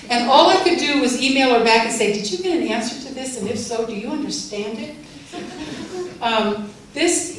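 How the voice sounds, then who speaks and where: An older woman gives a heartfelt farewell speech with gentle humor. She sounds far from the mic, in a very echoey hall with faint noise behind her. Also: a little high. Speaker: farewell speaker. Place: event room.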